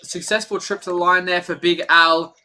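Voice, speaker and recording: A man giving live fan play-by-play for his home team on a stream, partisan and quick to rant at the referees. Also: high voice, a little hiss or hum. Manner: partisan, excitable, rants at referees.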